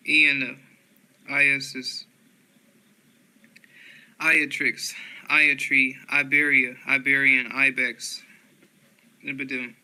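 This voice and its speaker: A man's voice: mid-range voice, bright, forceful tone, clean tone, rough recording. A man reading dictionary entries aloud one after another, stumbling and restarting on hard words. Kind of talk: rapid word-list reading.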